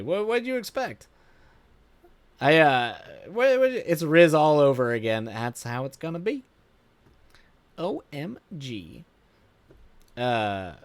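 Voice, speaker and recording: A man streamer reading a viewer's story aloud, with animated laughing asides and frequent self-corrections. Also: mid-range voice, clear, resonant tone, dry recording.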